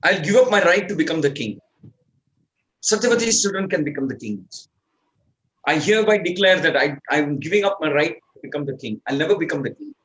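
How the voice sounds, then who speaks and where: Man reading young prince, vows, firm, earnest, voice on the high side, storytelling. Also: animated, fairly quick, a bit bright, rough recording. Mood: solemn. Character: young male prince making a solemn vow.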